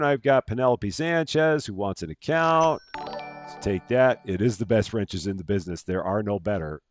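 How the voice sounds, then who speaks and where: A man's voice: lowish voice, normal speed, no echo, soft background music. A man chatting casually as he live-streams a game at home, thanking viewers by name and laughing at himself. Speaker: streamer playing a bank simulator game.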